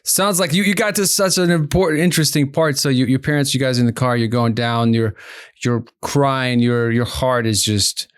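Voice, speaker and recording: A man's voice: mid-range voice, fairly even intonation, normal speed, clear, resonant tone, dry recording, studio quality. A man in his thirties hosting an interview, easygoing and reassuring, making light jokes to put his guest at ease. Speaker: podcast host. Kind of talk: casual interview.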